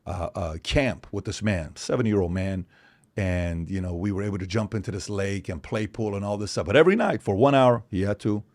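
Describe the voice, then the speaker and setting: Gravelly, emphatic man talking. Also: fairly low pitch, a little fast. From Iran. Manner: animated, emphatic, acts out other people's voices. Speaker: podcast guest. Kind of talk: casual conversation.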